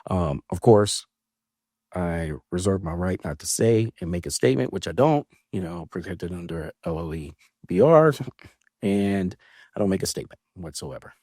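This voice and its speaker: Lowish-voiced man telling a story. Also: normal speed, no room sound, studio quality. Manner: animated retelling, acts out quoted voices. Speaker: podcast co-host, former officer. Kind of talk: storytelling in casual conversation.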